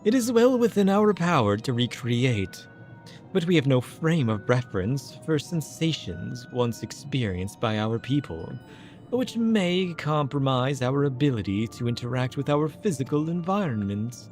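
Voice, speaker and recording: A man reading the lines of a solemn, otherworldly ghostly creature in a stately, measured way. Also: mid-range voice, sing-song, a little mellow, faint music behind, pitched above the performer's own voice.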